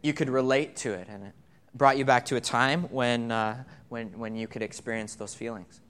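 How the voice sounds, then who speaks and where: A man's voice: mid-range voice, steady tone, moderate pace, a bit bright, clean tone. A man gives a sermon in a church, asking the congregation questions and drawing them in. His delivery is conversational, and he often repeats words as he starts a phrase. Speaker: pastor. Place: church sanctuary.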